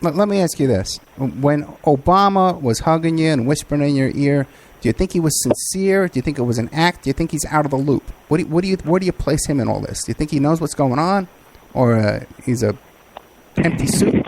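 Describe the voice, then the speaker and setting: A male talk show host with a fairly high, very animated voice and a faint hiss behind him. He presses his guest with several follow-up questions in a row. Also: brisk. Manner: asks stacked follow-up questions. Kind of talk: interview.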